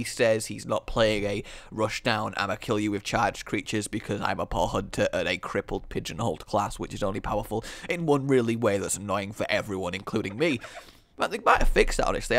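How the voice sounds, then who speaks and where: A man giving joking, rambling commentary over a card game he's playing, with sarcastic asides. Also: medium pitch. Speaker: gaming video host. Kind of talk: let's-play commentary.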